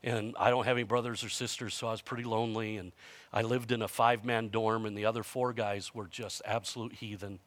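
A man's voice: fairly low pitch, little pitch movement, a little fast, fairly bright tone, no room sound. A man in his fifties preaching a sermon in a conversational storytelling way, with self-mocking humor and frequent restarts. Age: 50s. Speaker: pastor.

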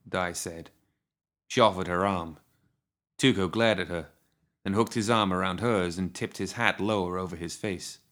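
A man reading a fantasy audiobook in a steady, measured narration. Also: deep voice.

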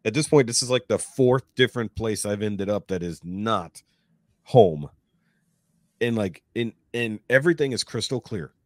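A man's voice: fairly low pitch, normal speed, no room sound, studio quality. A man on a podcast telling a long dream story in a casual, profane way. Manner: profane, animated retelling with acted-out quotes. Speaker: podcast guest.

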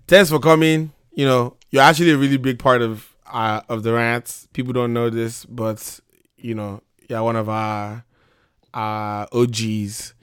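A young man hosts a casual podcast, teasing and loud, his voice wearing thin and hoarse. The sound is dry and close, with no room around it. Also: mid-range voice, a little slow, no echo. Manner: teasing, loud and excitable, slips into Nigerian pidgin. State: losing his voice. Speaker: podcast host.

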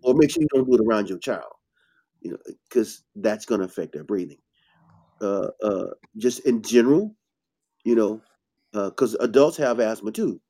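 A man's voice: lowish voice, expressive, normal speed, warm tone. A man hosting a casual health talk as an herbalist, speaking bluntly and preachily with emphatic bursts. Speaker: herbalist host.

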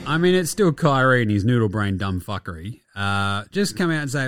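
A man's voice: mid-range voice, big pitch swings, fairly quick, hardly any pauses, fairly bright tone, clean tone, no room sound, studio quality. An Australian man hosting a basketball podcast, riffing in a casual, sarcastic and profane way. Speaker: podcast host. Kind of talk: casual sports commentary.

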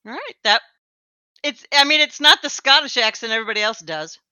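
A woman's voice: on the high side, very animated, brisk, bright, forceful tone, no echo. A woman co-hosting a podcast in casual chat, teasing and laughing often. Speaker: podcast co-host.

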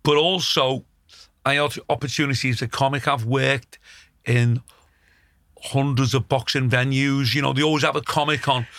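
A man's voice: mid-range voice, steady tone, normal speed, a bit bright, dry recording, clean studio sound. A middle-aged male comedian, telling blunt, sweary stories in casual chat. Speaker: comedian, podcast co-host.

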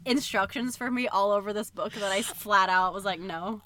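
A young woman co-hosting a podcast in casual chat, giggly and quick to swear. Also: medium pitch, bright, forceful tone. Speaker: podcast co-host.

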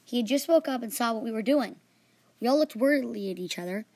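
A woman's voice: on the high side, quick pace, no echo. Young girl narrating her own story. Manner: earnest, animated reading with small slips. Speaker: podcast host and storyteller.

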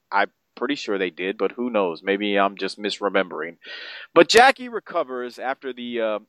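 Rambling, profane podcast co-host man. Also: no room sound. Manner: rambling and profane, pitch jumps when excited. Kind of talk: casual podcast chat.

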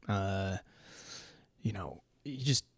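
A man's voice: low voice, expressive, slow, fairly bright tone, husky, no echo, clean studio sound. An American man rambling through news in a casual, profane, joking way, full of fillers and restarts. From United States.

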